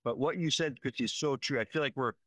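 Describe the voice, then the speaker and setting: A man's voice: mid-range voice, fast, a bit bright, no room sound. A man telling of relief work in an earnest, emotional way, often checking in with "right?". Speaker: disaster relief worker. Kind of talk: conversational field report.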